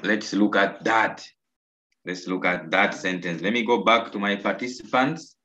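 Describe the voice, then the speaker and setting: A Ugandan man teaching an online English lesson, slow and coaxing, repeating answers and praising his pupils. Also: on the low side, bright, forceful tone. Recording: roomy, dull lo-fi video call audio.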